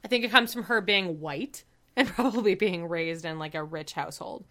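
A woman's voice: lowish voice, normal speed, bright, forceful tone. A young woman co-hosting a podcast, chatting bluntly and laughing often. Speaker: podcast co-host. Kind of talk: casual chat.

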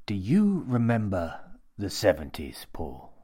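A man's voice: lowish voice, wildly swooping pitch, unhurried, dark tone, slightly rough, exaggerated voice. A man voicing a sinister mad old man with pierced lips, speaking in a theatrical, wheedling, lecturing way.

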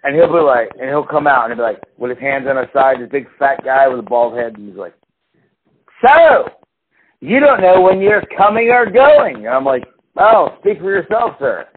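Talking fast in a slightly rough, medium-pitched voice, a podcast co-host tells lively stories in a casual chat. He swears a lot and plays out what others said, heard through tinny, phone-like audio with a faint hiss.

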